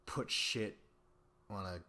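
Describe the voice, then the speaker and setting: A young man talking through a solo podcast recap in a loose, rambling way, swearing freely and filling pauses. His voice sits a little low. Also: sharp tone. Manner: rambling, profane, chatty with many fillers. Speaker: podcast host. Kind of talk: casual solo recap chat.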